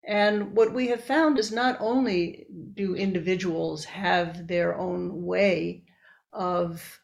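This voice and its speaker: A woman's voice: lowish voice, fairly even intonation, slow pace, vocal fry, darkish tone. A woman researcher and book author explaining her work step by step in an interview.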